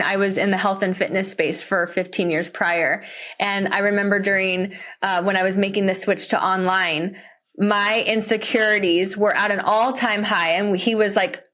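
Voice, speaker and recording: A young woman, a life coach, speaking in an earnest and heartfelt way in an interview, often restarting her sentences. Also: medium pitch. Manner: animated and heartfelt, with many restarts. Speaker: life coach and podcast guest.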